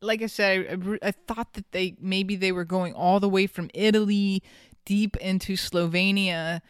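A podcast host telling a story in casual chat, animated and quick to laugh. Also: medium pitch, clean tone, no echo, studio quality. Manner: animated, laughing often, some restarts.

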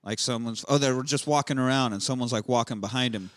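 A man's voice: mid-range voice, fast talker, fairly bright tone. A man hosting a podcast, casually recapping a film with rambling jokes and swearing. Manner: rambling, joking, profane. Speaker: podcast host reviewing a film.

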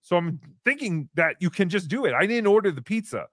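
High-pitched excitable male host. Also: brisk, no echo, clean studio sound. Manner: excitable, reads out paid messages. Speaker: show host. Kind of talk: casual live-show chat.

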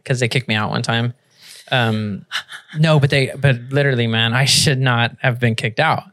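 Profane, animated man telling a story. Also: mid-range voice, normal speed. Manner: animated, profane storyteller who laughs through his stories. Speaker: podcast host. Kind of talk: casual podcast chat, storytelling.

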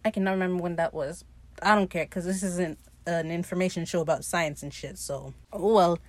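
A woman's voice: lowish voice, brisk, dry recording. A young woman casually recapping a television episode as a podcast host, swearing freely and paraphrasing the characters in her own voice. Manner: chatty, profane, animated retelling with paraphrased character quotes.

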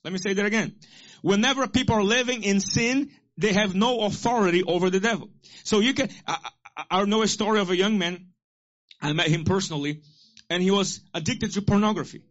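High-voiced exhorting male pastor. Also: fairly quick, fairly bright tone, muffled recording. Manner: exhorting, repeats key lines and has the congregation echo them. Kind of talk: sermon.

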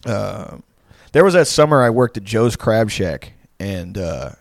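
A man's voice: on the low side, very animated, unhurried, vocal fry, no room sound, clean studio sound. A man in his twenties co-hosting a podcast, telling long profane stories in a rambling, casual way with lots of fillers. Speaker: podcast co-host. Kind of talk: casual chat.

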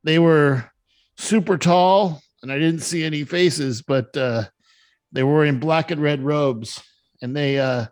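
Brief: man voicing a timid woman bartender, apologetic and hesitant, pitched up. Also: slow, dry recording. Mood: shaken. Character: nervous young woman bartender, shaken survivor.

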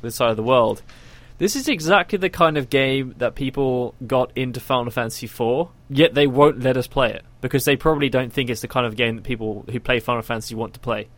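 A man's voice: mid-range voice, fairly quick, fairly bright tone, dry recording. A man hosting a podcast in casual chat, steering the talk and sounding mildly exasperated. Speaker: podcast host.

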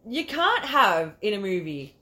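A woman's voice: medium pitch, big pitch swings, a little slow, sharp tone. A woman co-hosting a casual movie podcast, swearing freely and laughing often. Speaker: podcast co-host. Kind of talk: casual movie review chat.

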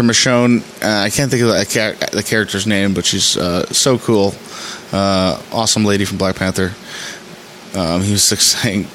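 A man hosting his podcast, talking casually and excitedly about an episode, rambling with frequent laughs while saying he is tired. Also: on the low side, a little hiss or hum, rough recording. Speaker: podcast host. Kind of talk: casual episode reaction commentary.

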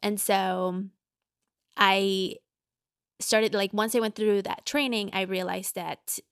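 A woman's voice: medium pitch, steady tone, slow pace, vocal fry, fairly bright tone, clean tone, no room sound, studio quality. A woman guest telling her story in an enthusiastic, casual way. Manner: enthusiastic, many likes.

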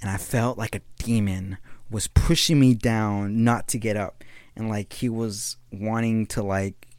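A man's voice: on the low side, fairly even intonation, measured pace, darkish tone, smooth, no echo. A young man hosting his own podcast, chatting casually in a rambling, slang-heavy way with frequent laughs, a little tired. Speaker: podcast host. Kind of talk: casual solo monologue.

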